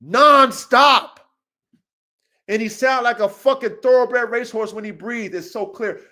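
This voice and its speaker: A man hosting a dog podcast, talking in a profane, emphatic, preachy way, repeating phrases and sometimes building to shouts. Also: sits high, a little fast. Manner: builds to shouting at emotional peaks. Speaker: dog breeder and podcast host. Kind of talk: casual podcast monologue.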